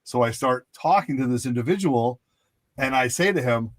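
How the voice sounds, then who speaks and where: Animated storytelling man, dry sound. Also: medium pitch, moderate pace, no room sound. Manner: animated, acts out quotes. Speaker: podcast co-host. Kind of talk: casual storytelling chat.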